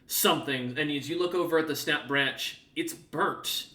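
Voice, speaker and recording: A man's voice: fairly high pitch, normal speed, pushed and bright, roomy sound. A man narrating a tabletop game as game master, hesitant and full of fillers.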